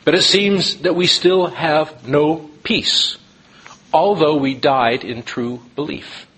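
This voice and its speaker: A man voicing a restless old male ghost, speaking slowly and solemnly as the figure in a retold story. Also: a little high, a bit bright, low-quality recording.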